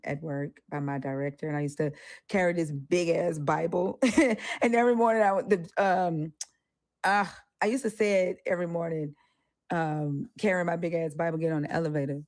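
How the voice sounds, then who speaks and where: Woman co-host, lower voice, blunt and swearing, acts out quotes, dry close sound. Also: darkish tone, no echo. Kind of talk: casual discussion.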